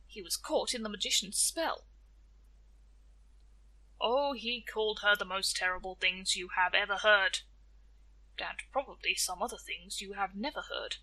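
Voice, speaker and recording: A woman narrating a folktale as a storyteller, in a gentle, deliberate way. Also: medium pitch, poor audio.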